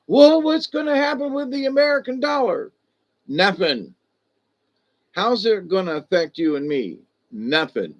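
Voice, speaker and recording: A man talks on his livestream in a loose, folksy ramble and drops in greetings to viewers by name. His voice sits high. The home audio sounds a little dull and lo-fi. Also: a bit bright. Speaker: livestream host. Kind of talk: rambling casual livestream talk.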